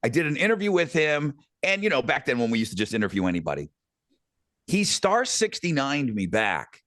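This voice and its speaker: Middle-aged male podcast host, lively pitch, dry close sound, rambling casual storytelling. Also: fairly quick, no echo. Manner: rambling, animated anecdotes with many fillers.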